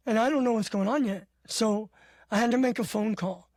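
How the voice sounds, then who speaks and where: A man with an unusual, high-sounding, slightly muffled speaking voice, telling stories in an animated way as a podcast guest. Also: brisk, no room sound, clean studio sound. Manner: animated, acting out dialogue. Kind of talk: casual storytelling. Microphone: podcast studio mic.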